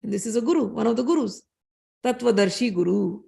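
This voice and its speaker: Earnest woman teaching scripture, gravelly. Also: a little high, lively intonation, quick pace, warm tone. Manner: earnest, repeats key phrases. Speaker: spiritual teacher. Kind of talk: scripture discourse.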